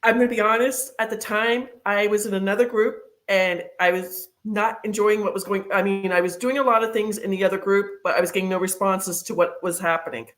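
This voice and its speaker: A woman guest in a casual interview talks chattily, telling long stories. She speaks at a middling pitch, scattering fillers and restarts as she goes. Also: fairly even intonation, brisk, hardly any pauses, a bit bright. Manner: chatty storyteller, many fillers.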